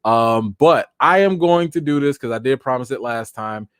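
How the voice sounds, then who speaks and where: A man hosting a casual live chat, answering viewer comments in an animated, talkative way, and by now tired, with his voice wearing out. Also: mid-range voice, normal speed, smooth, no echo, clean studio sound. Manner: animated, chatty, thanks viewers by name. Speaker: live-stream host.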